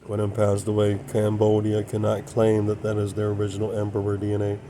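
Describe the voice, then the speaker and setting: A man's voice: fairly low pitch, monotone, brisk, background noise. A man hosting his own channel, talking in a rambling monologue and often repeating short affirmations. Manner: rambling, repeats "yeah, that's true". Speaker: channel host.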